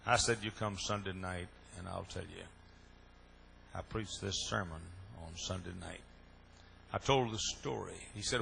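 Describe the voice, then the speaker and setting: An older man preaching a sermon, moving from quiet prayer to impassioned, shouted storytelling. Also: mid-range voice, moderate pace, gravelly, a little hiss or hum. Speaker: pastor.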